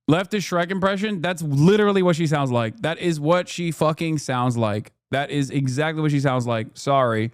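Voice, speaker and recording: A male streamer giving blunt, exasperated reaction commentary, swearing now and then. His voice is high for a man and smooth, and the sound is dry and close. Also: moderate pace, few pauses, no room sound. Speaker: streamer host.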